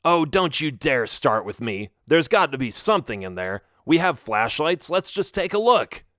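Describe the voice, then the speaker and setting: A man's voice: on the high side, sing-song, moderate pace, fairly bright tone, no room sound, clean studio sound. A man voicing a brash, fearless young male adventurer in an audiobook story. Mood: pushy.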